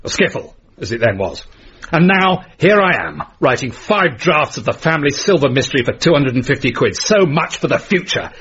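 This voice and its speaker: A grumpy, pompous middle-aged writer in a radio comedy, pedantic and sardonic, his pitch rising and falling a great deal. It comes through a dull, lo-fi radio recording with faint hiss behind. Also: very animated, moderate pace, fairly bright tone. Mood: lecturing.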